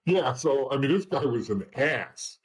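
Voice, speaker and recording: A man's voice: medium pitch, expressive, slow pace, slightly rough, poor audio. A middle-aged man, a guest in an interview, telling his story in a blunt, profane way and acting out old conversations. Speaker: interview guest, former informant.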